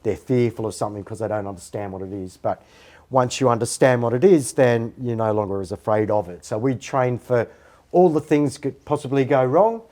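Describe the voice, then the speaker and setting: Measured middle-aged man. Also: mid-range voice, a little mellow. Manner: measured, reflective storytelling. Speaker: guest, character impersonator. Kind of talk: casual podcast interview.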